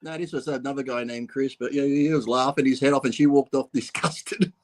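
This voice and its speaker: A man's voice: mid-range voice, steady tone, fairly quick, a little mellow, a little hiss or hum, low-quality recording. A middle-aged man, a blunt storyteller cracking crude jokes in casual chat. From Australia. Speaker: bodybuilder co-host.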